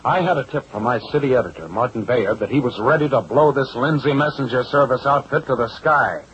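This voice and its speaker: An actor playing an eager young newspaper reporter in a 1940s-style radio drama, brisk and urgent. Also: male voice, medium pitch, fairly bright tone, lightly acted. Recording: lo-fi old radio recording with faint hiss.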